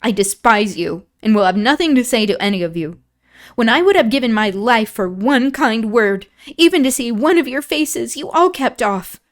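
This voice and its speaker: A woman voicing a proud, sharp-tongued young woman who snaps at everyone around her in clipped, indignant outbursts. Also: fairly high pitch, expressive, moderate pace, voice pushed up, natural voice. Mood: scornful.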